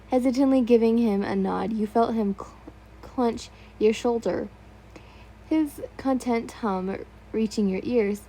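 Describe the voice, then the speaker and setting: A woman narrates fan fiction aloud, often tripping on words and correcting herself. Her voice sits somewhat high, with a mellow, relaxed tone. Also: unhurried, rough recording. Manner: stumbles on words and comments on typos. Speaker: story reader.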